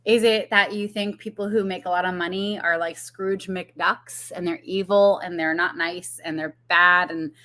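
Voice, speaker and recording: A woman's voice: lowish voice, fairly even intonation, normal speed, few pauses, bright, forceful tone. A woman business coach giving a casual live-streamed talk, chatty with fillers and frequent laughs.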